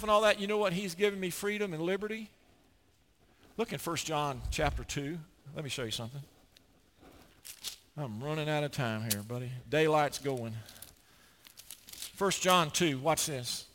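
An older man preaching a sermon, emphatic, often repeating words as he gets excited. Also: on the high side, moderate pace, pauses often.

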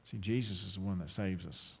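A man preaching a sermon, emphatic, swinging from loud pointed questions to low, intimate asides. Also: brisk, gravelly, husky, big-room sound.

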